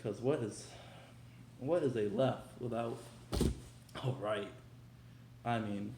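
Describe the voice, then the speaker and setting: A young man hosting a casual unboxing vlog, talking in an excitable, slangy, hyped way. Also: medium pitch, takes it slowly, long pauses, background noise. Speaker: vlogger. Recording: echoey room.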